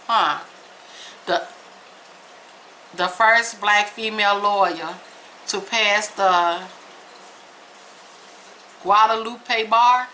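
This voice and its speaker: A woman vlogger, reading aloud slowly and reacting with emphatic exclamations. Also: mid-range voice, pushed and bright, slight background noise, rough recording. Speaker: vlog host reading aloud.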